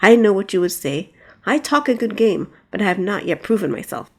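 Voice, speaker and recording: A woman's voice: mid-range voice, big pitch swings, brisk, husky. A woman voicing a boastful, gallant young knight who talks in grand declarations.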